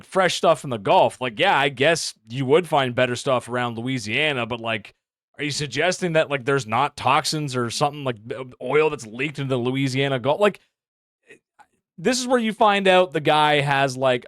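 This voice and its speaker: Man, casual reaction commentary, joking, excitable, very lively intonation, dry close sound. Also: mid-range voice, dry recording. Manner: excitable, joking, rapid asides. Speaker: commentary YouTuber.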